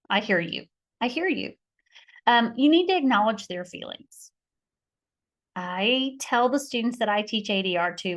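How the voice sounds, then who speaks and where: A middle-aged woman mediator teaching conflict skills, stressing her points by repeating key phrases. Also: mid-range voice. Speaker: mediator and conflict resolution instructor. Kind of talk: podcast teaching talk.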